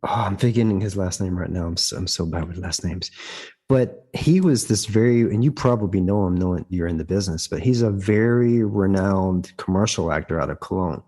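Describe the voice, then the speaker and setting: A man with a lowish, husky voice, talking as a podcast guest. He tells a long story in conversation, stumbling over restarts and repeated words. His delivery grows emphatic and heated as he goes. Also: brisk, mellow. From United States. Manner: emphatic, heated when recounting conflict. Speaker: guest actor.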